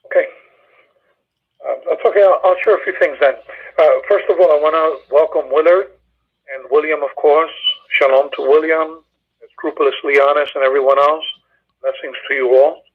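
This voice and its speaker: A man leading a Bible study, patiently and methodically explaining Hebrew grammar with frequent filler pauses. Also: on the high side, fairly even intonation. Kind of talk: Hebrew grammar lesson over a phone call. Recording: tinny phone line.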